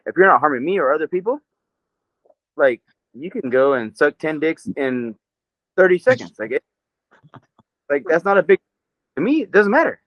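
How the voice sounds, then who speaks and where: A man rambles through a casual podcast chat, swearing freely and laughing often. His pitch rises and falls widely as he talks. The recording is dry and a little dull. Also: sing-song, moderate pace, pauses often, no room sound. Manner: profane, rambling, laughs a lot. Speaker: podcast co-host.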